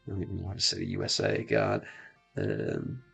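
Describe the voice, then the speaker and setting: This deep, level voice belongs to a US streamer learning French, with a creaky, fairly bright quality and a breathy edge. Faint music plays behind his casual gameplay chat as he haltingly tests phrases and keeps repeating himself.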